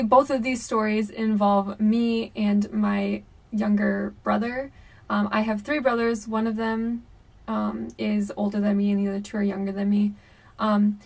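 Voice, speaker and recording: A young woman tells a spooky story from her own life straight to her viewers, chatty and animated, with plenty of "um"s and "like"s. Her voice sits at an ordinary middle pitch, and the mic is a little distant from her. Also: normal speed, creaky. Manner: chatty, animated, many fillers like "um" and "like". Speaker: YouTuber. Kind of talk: casual storytelling to camera.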